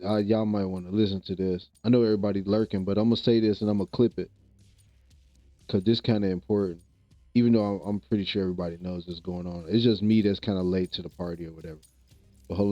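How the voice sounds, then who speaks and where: A man's voice: lowish voice, no room sound, lo-fi sound. A man from the American Midwest chatting casually with viewers on a livestream, laid-back and rambling, often repeating himself. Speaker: streamer.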